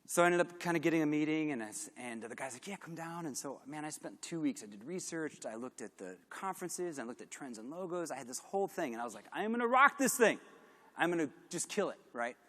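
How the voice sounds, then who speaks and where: A middle-aged man giving a candid conference talk, animated and self-deprecating, with lots of fillers. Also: a little high, fast talker, few pauses. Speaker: conference speaker. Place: large conference hall. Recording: long hall reverb.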